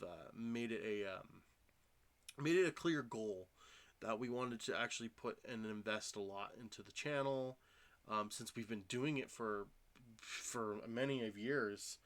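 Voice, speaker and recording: A man in his thirties hosts a casual solo podcast from a room at home, his mid-range voice a bit bright and smooth. Tired from little sleep, he rambles loosely with plenty of fillers and restarts.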